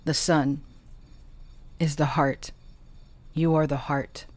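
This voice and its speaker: A woman giving a tarot reading, talking softly and emotionally, with halting pauses. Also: low-pitched, flat delivery, a little hiss or hum. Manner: slow, soft, emotional and halting. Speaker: tarot reader and channeler.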